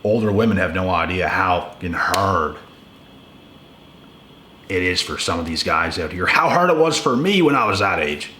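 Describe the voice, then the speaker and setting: Young man, lowish voice with a bright, forceful edge, blunt profane rant, echoey room. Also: lively intonation, moderate pace, slight background noise. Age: young adult. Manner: profane, emphatic, repeats himself. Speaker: video creator. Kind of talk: blunt casual rant to camera. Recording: echoey room with faint ambience.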